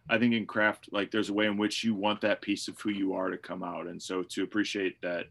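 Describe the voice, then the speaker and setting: A man with a fairly low voice, musing aloud in a casual podcast chat. He talks like a pastor reflecting on his craft, loosely and thoughtfully, with lots of "like.". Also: a bit bright. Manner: reflective, thinks aloud with many "like" fillers.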